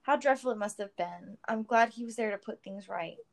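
A woman's voice: a little high, fairly quick, natural voice. A woman voicing a relieved hobbit father who talks wry and stern. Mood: fond.

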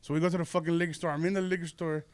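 Young guy on a podcast, kinda high voice, smooth and clear, dry room, cussing and laughing thru a story. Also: flat delivery, very fast, no echo. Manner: loose, profane, laughing storyteller. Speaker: podcast host and comedian. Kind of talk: casual storytelling chat.

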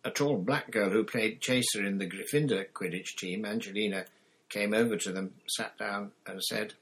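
A man reading a novel aloud in steady, measured scripted narration. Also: fairly low pitch, a little hiss or hum, rough recording. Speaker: audiobook reader.

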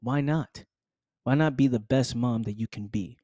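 A podcast host speaks straight to the listener in a preachy motivational monologue, repeating phrases and calling them "fam." His voice is mid-range and warm, at a moderate pace, captured dry with clean studio sound.

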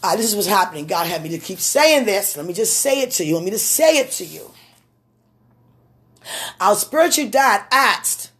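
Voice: mid-range voice, big pitch swings, normal speed, a bit bright. A prophetic minister speaking straight to a listener in a sermon podcast, emphatic and repeating key phrases. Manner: emphatic, repetitive, direct address.

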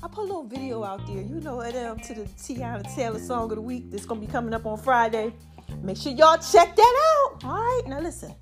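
A woman's voice: a little high, fairly quick, music in the background. A woman hosting a casual inspirational podcast, chatty and preachy, talking to her listeners and a bit out of breath. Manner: chatty, preachy, animated with lots of y'all and child. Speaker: podcast host.

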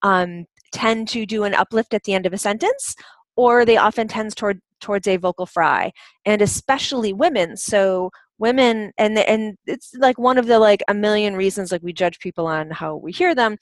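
A woman co-hosting a podcast in relaxed, chatty conversation. Her voice is medium in pitch and sits dry and close, with no room around it. She talks in a playful way. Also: moderate pace, dry recording. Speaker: podcast co-host. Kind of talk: casual chat.

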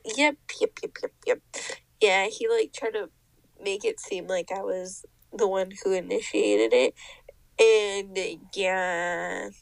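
A young woman co-hosting a podcast, telling a story in casual chat. She is animated, laughs often and mimics the people in it. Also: mid-range voice, slow, vocal fry, no room sound, low-quality recording. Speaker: podcast co-host.

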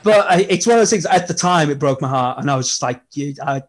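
Young man, casual podcast guest, animated storyteller. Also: a little high, fast. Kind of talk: casual chat.

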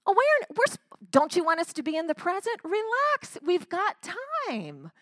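A woman's voice: extremely high pitch, wildly swooping pitch, moderate pace, fairly bright tone, no echo, studio quality, pitched above the performer's own voice, full character voice. Woman putting on a breezy laid-back alien man. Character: laid-back male alien visitor, unhurried.

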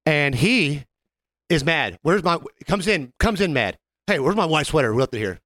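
A man's voice: fairly high pitch, normal speed, dry recording. A man co-hosting a casual podcast, telling stories with animation, acting out the people in them and swearing freely. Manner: animated, acts out customer quotes, swears freely. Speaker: podcast co-host. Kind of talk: casual chat, storytelling.

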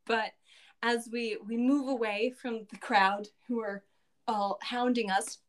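A woman's voice: a little high, fairly even intonation, takes it slowly. A woman casually recapping a tabletop game session, chatty and full of asides.

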